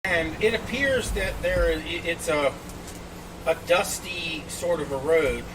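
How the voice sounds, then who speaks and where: A man's voice: a little high, takes it slowly. A man narrating scenes as game master of a tabletop game, recorded outdoors. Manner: lively descriptive narration. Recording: distant mic, background noise outdoors.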